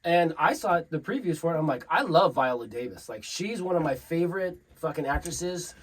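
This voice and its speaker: Lively, husky joking podcast guy. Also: a little high, normal speed, poor audio. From California. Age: 40s. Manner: animated, profane, joking. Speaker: podcast co-host. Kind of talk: casual chat.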